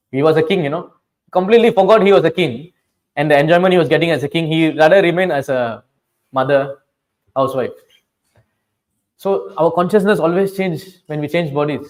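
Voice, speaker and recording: A man's voice: on the high side, a little mellow. Chatty man telling a scripture story. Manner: chatty, keeps asking the listeners questions; simple, informal phrasing with frequent restarts. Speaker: teacher of scripture.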